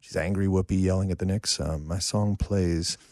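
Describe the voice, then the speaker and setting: A man in his fifties, a songwriter and producer, telling animated, self-deprecating stories in a casual interview. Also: low-pitched, normal speed, no room sound, studio quality. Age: 50s. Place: home studio room.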